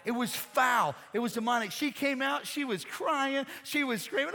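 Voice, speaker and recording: A man's voice: extremely high pitch, expressive, moderate pace, few pauses, bright, forceful tone, some chatter behind, slight background noise. A man preaching a sermon, telling a folksy story and talking straight to his congregation. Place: church sanctuary. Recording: long hall reverb.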